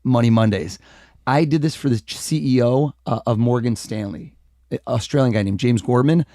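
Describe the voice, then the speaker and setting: A man from the United States, a mentalist guest, talking in a casual interview in a lively, animated way. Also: mid-range voice, normal speed, dry recording, studio quality. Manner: energetic, animated, acts out quoted voices.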